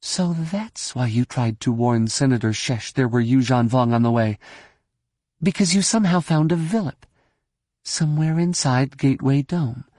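A man's voice: medium pitch, lively intonation, normal speed, darkish tone, no echo, voice pushed up, lightly acted. Man doing a snappy sarcastic young woman, voice pushed way up, dry close mic. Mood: sharp. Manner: demanding, sarcastic.

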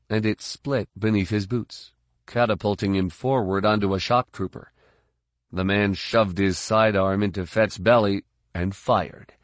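A man narrating an action novel in a steady, measured reading on a close mic. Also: fairly low pitch, no echo. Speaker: audiobook narrator. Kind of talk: scripted narration.

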